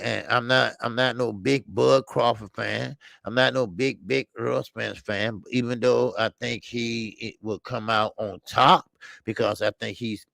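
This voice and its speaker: Call-in host, male, heavy vocal fry, dry booth sound, loose animated rambling. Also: on the low side, no echo. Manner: animated, rambling, many filler restarts. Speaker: boxing call-in show host. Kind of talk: casual call-in show chat.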